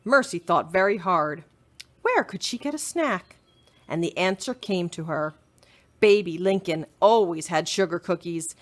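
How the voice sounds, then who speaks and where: A woman librarian reading a children's chapter book aloud in an expressive storytelling manner. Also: lowish voice, measured pace.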